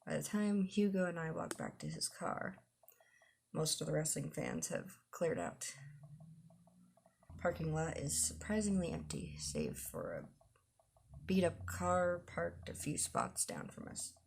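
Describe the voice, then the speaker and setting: Low, gravelly woman reading a game aloud. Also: big pitch swings, a little slow, a little mellow, slight background noise. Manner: laughs while reading, dry asides. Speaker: gaming streamer. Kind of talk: reading a visual novel aloud.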